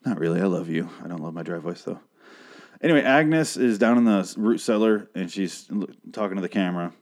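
A man's voice: sits low, animated, fairly quick, a little mellow. A man casually recapping a TV show on his podcast, profane and rambling, with a dry voice. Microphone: podcast microphone.

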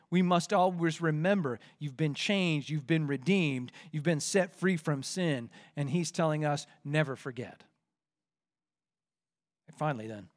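A pastor delivers a sermon in a fairly high voice for a man. He keeps putting rhetorical questions to his listeners and drives his key points home with mounting force.

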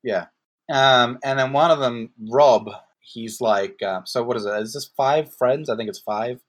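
A man's voice: medium pitch, measured pace. A man co-hosting a casual movie podcast, rambling and joking while he hunts for words. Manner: rambling, jokey, searching for words. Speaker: podcast co-host reviewing a movie. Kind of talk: casual chat.

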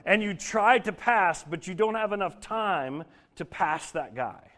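A man's voice: high-pitched, lively intonation, unhurried, a bit bright. Earnest young man preaching a personal story. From Denver, Colorado. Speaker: pastor. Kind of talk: sermon.

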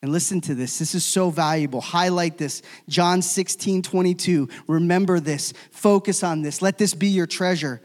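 A man preaching a sermon as pastor, swinging from loud emphatic calls to hushed, near-whispered endings. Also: high voice, normal speed, hardly any pauses. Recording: long hall reverb.

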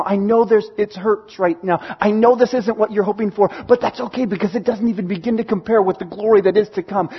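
A man preaching a sermon, earnest and encouraging, sometimes dropping to a hush for emphasis. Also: high voice, steady tone, brisk, hardly any pauses, slightly rough, muffled recording. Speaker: pastor.

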